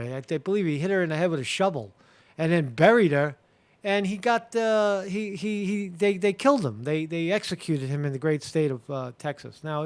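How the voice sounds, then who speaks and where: Rambling man hosting a live commentary show. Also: fairly high pitch. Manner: rambling, halting, many fillers and restarts, crude language. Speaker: show host. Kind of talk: casual live-stream commentary.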